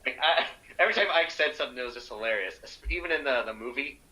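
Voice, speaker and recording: A man's voice: mid-range voice, fast talker, a loud crowd, poor audio. A man co-hosting a podcast in casual chat, enthusiastic, swearing freely and filling his speech with "like". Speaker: podcast co-host.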